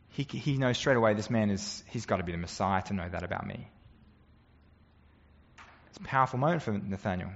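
A man preaches a sermon in an easy, conversational way, earnest and full of rhetorical questions. His voice sits at a middle pitch and carries a long reverb from the hall. The recording has a slightly dull, muffled tone. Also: expressive, fairly quick, a bit bright. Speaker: pastor.

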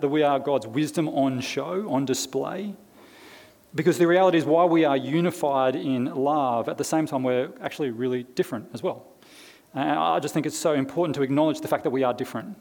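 A man's voice: on the high side, gravelly, darkish tone. A man preaching a conversational sermon in a church, with many restarts and fillers. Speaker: pastor. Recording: long reverb of a church hall.

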